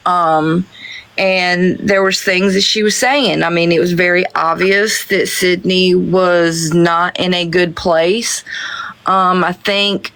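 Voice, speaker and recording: A woman on a livestream slowly telling a story, with many hesitant pauses. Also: fairly low pitch, fairly even intonation, a bit bright, smooth. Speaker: livestream guest. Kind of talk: casual livestream chat.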